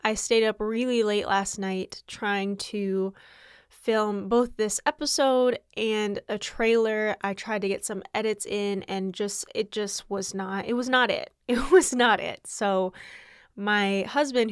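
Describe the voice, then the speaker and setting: A woman's voice: mid-range voice, steady tone, takes it slowly, clear, resonant tone, dry recording, clean studio sound. A young adult woman hosting her own podcast in casual, candid chat, tired and laughing often. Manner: candid, rambling, with frequent laughs. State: exhausted. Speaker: podcast host.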